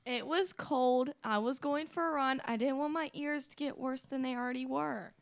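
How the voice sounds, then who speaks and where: A woman's voice: high voice, steady tone, normal speed. A teenage girl chatting in a family podcast, teasing and blunt. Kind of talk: casual family chat.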